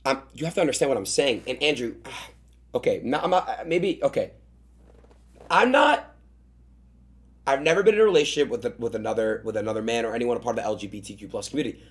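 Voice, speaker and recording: Flustered fast-talking young man. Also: medium pitch, expressive. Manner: flustered, stammering, defensive. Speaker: streamer host. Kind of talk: casual stream chat.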